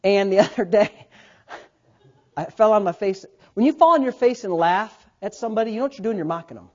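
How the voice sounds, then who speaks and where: A man in his thirties, a pastor preaching a sermon, telling stories with big swings from quiet asides to loud, laughing bursts. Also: sits high, expressive, brisk. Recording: dull lo-fi sound.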